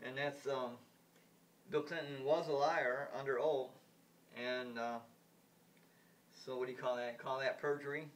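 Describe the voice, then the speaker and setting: A man's voice: mid-range voice, fairly even intonation, measured pace, pauses often. A man in a rambling political rant, blunt and indignant, repeating himself and restarting his sentences. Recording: voice distant from the mic.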